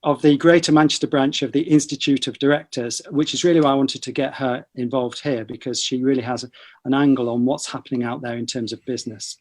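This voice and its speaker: A middle-aged man, a neurology professor, hosting a relaxed podcast chat and introducing guests with light teasing asides. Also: medium pitch, brisk. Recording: online broadcast discussion.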